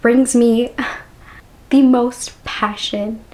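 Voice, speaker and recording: A woman vlogging to camera, speaking earnestly and emotionally in unscripted personal reflection with searching pauses. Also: a little high, fairly even intonation, dark tone. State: emotional, close to tears. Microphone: on-camera mic of a compact vlogging camera.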